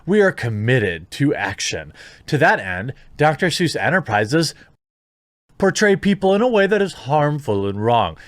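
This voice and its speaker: A man's voice: a little high, sing-song, measured pace, no room sound, studio quality. Sing-song man with odd stresses. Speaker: video commentator. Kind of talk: reading news aloud with commentary.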